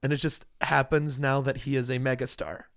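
A man hosting a podcast in relaxed, chatty conversation that often trails off into fillers. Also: mid-range voice, fairly quick, no echo, clean studio sound. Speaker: podcast host. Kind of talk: casual chat.

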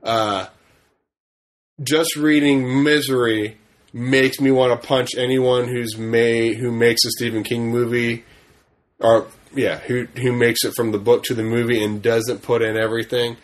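A man co-hosting a podcast in casual chat, teasing and quick with interjections. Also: mid-range voice, flat delivery. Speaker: podcast co-host.

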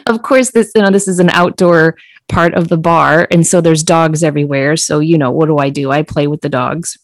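A woman podcast co-host telling a story in casual chat, acting out quoted lines in a higher voice. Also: steady tone, a little fast, dry recording.

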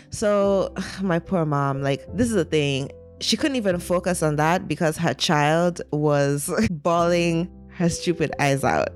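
A woman telling a personal story in a casual, animated, dramatic way, with many "like" fillers. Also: low-pitched, measured pace, faint music behind. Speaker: guest storyteller.

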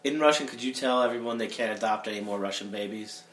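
A man's voice: on the low side, fast, a bit bright. Casual man co-host, distant and echoey. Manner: casual, prone to fillers and follow-up questions. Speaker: podcast co-host. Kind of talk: casual podcast chat. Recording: echoey room, away from mic, faint background noise.

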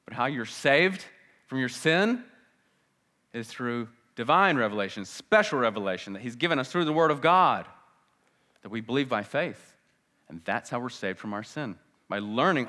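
Man preaching with dramatic loud-soft swings. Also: medium pitch, expressive, normal speed. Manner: sarcastic, then dramatic with wide swings between loud and hushed. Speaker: pastor. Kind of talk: sermon.

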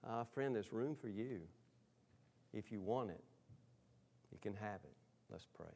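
In an unhurried, fairly low voice, a man pastor preaches conversationally to his congregation, addressing them directly. He moves back and forth between loud emphasis and hushed, almost whispered passages.

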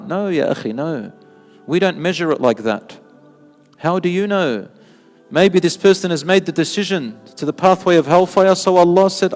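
A man giving an animated sermon who repeats words for emphasis and mixes in Arabic phrases. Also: on the high side, normal speed, in a large hall, soft background music. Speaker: Islamic preacher. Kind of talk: sermon with storytelling.

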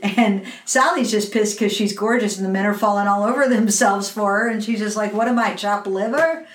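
Animated woman retelling a film scene. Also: medium pitch, a little fast, roomy sound, far from the mic. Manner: animated storyteller, mimics characters. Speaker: podcast co-host. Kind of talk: casual film discussion.

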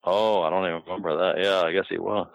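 A man's voice: low-pitched, steady tone, fast talker, vocal fry, no room sound, highs cut off. An older man and former wrestler telling casual, rambling stories from the road, full of fillers and restarts. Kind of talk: casual storytelling.

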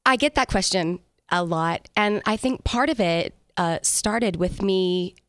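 A chatty middle-aged woman singer tells her story in a relaxed interview and often laughs at herself. Her pitch is average for a woman. The recording is dry and close. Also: a little slow, no echo. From San Diego, USA. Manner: chatty, laughing, self-mocking. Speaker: singer, guest. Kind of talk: casual interview chat.

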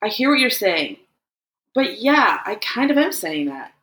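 A woman voicing a candid young man who speaks haltingly and hesitantly. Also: mid-range voice, big pitch swings, a bit bright, roomy sound, voice pushed up.

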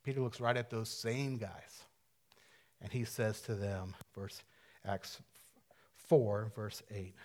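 A man preaching a sermon in a conversational, dynamic way, dropping to a hush and then rising to loud emphasis, with casual asides and quick self-corrections. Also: lowish voice, fairly even intonation. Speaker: pastor.

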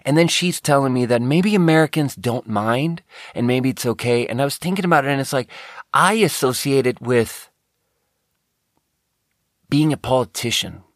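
A man talks through a casual podcast monologue at a middle pitch. He wanders and restarts his sentences, swears freely, and the sound is close and dry with no room echo. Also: animated, normal speed, pauses often. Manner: rambling, self-correcting storytelling. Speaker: podcast host.

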